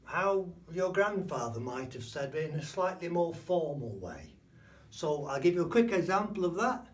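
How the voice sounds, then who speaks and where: A man giving a spoken language lesson, explaining slowly and repeating key words. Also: a little high, big pitch swings, far from the mic. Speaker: language teacher.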